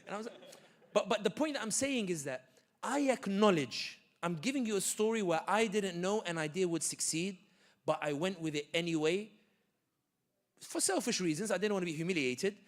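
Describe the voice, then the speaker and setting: A man with a high, bright voice gives a lively community talk in a hall. He is animated and joking, with many quick asides as he tells his stories. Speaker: guest speaker.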